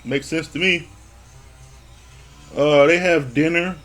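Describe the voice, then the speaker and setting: A man's voice: fairly high pitch, fairly even intonation, takes it slowly, fairly bright tone, soft background music. A man giving a casual, profane review of a reality show, laughing often and acting out what the people on it said. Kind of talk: casual commentary.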